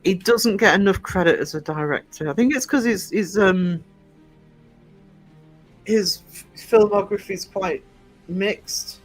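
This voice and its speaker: With faint music behind him, this livestream host speaks in a high-pitched voice, a little slowly and with long pauses. He chats casually as he responds to live comments, rambling and hesitant, filling the gaps with ums.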